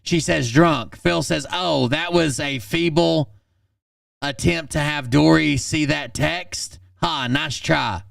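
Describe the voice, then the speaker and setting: A man hosting a channel, reading text messages aloud in a flat, deadpan way and adding blunt asides. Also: on the high side, takes it slowly, creaky, no room sound, clean studio sound, recorded from a distance.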